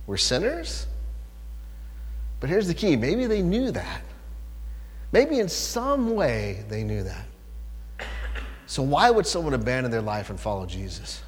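Guy preaching a sermon, chatty and lively, asks the crowd questions, echoey church hall. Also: medium pitch, normal speed. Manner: conversational, animated, asks the listeners questions. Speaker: pastor. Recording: long hall reverb, faint hum.

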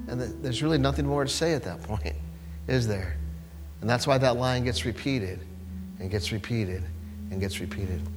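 A man preaching a sermon in a conversational, animated way, often asking the listeners questions. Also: medium pitch, moderate pace, over music. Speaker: pastor. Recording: long hall reverb, faint hum.

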